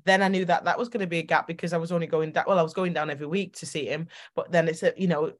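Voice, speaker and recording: A woman hosting a podcast, telling personal stories in an animated, emotional way with quick bursts of speech. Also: on the low side. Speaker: podcast host. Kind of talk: casual interview chat.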